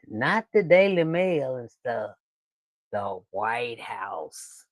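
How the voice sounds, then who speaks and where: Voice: medium pitch, big pitch swings, no room sound. A host of a reaction channel, joking in a loose, casual way and talking straight to the viewers. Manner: slow, drawling and joking, talks straight to viewers.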